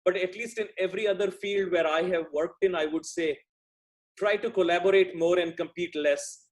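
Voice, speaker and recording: A man's voice: sits high, steady tone, normal speed. A middle-aged man from India, a guest speaker, giving a thoughtful, conversational talk with frequent restarts. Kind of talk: talk on workplace relationships.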